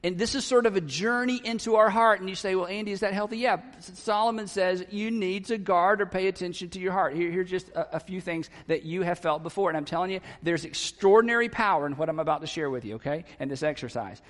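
A male pastor with a high voice delivers a sermon in a casual, conversational way. He slips into little acted-out quoted voices as he talks. A long reverb of a large auditorium trails behind his words. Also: fairly quick, few pauses.

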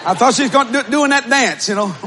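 A man preaching a sermon and telling a story, with shouted bursts and laughing asides. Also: very high-pitched, lively intonation, fast. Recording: live audience, faint crowd noise.

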